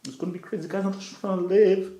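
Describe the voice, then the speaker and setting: A man's voice: sits high, flat delivery, fast, mellow, roomy sound. A man hosting a football channel, giving a playful commentary monologue and acting out imagined conversations, dropping to whispers and jumping to yelps.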